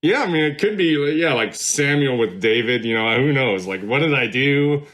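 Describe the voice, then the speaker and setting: A man's voice: medium pitch, animated, normal speed, fairly bright tone. A middle-aged man, a former pastor, telling his story as a podcast guest in a rambling, casual way. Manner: rambling, many fillers and restarts.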